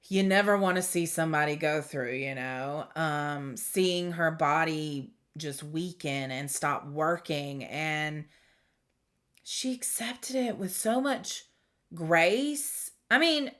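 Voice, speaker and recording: Slow, heartfelt woman reading tarot. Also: lowish voice, fairly bright tone. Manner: heartfelt, reflective, with pauses and fillers. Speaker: tarot reader.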